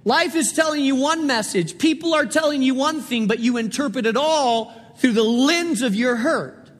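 High-voiced pastor preaching in a reverberant hall. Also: male voice, moderate pace, a bit bright. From Spain. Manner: storytelling with emphatic repetition. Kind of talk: sermon.

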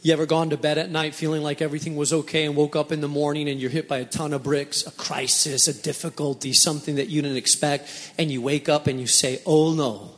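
A man's voice: on the high side, level tone, fast talker, hardly any pauses, a bit bright, long reverb tail. A man preaching a sermon as a pastor, telling Bible stories dramatically and asking his listeners direct questions. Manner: dramatic storytelling, acting out panicked voices; asks the congregation direct questions.

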